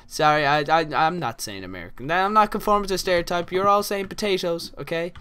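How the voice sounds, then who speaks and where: A man's voice: sits high, animated, fairly quick, sharp tone, slight background noise. An Irish man giving casual, rambling commentary while playing a game, full of crude jokes and asides. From Ireland. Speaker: gaming channel host.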